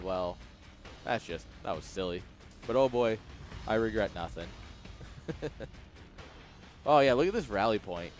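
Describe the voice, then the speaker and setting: A man casting a strategy game live for his stream, chatty, laughing often and talking straight to his chat. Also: fairly low pitch. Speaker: esports caster and streamer. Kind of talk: live game commentary mixed with chat to viewers. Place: home streaming room with a webcam.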